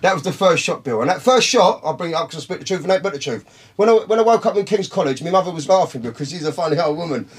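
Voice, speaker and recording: A man's voice: fairly high pitch, animated, very fast, slightly rough. A man, telling a long, profane story in casual talk, rambling and calling his listeners by name. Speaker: podcast guest.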